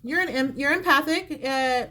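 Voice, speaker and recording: A woman's voice: sits high, normal speed, bright, forceful tone, slight background noise. A woman giving a psychic reading on a live stream, talking to the viewer directly in a chatty, repetitive way. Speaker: psychic reader. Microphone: phone or close mic on a live stream.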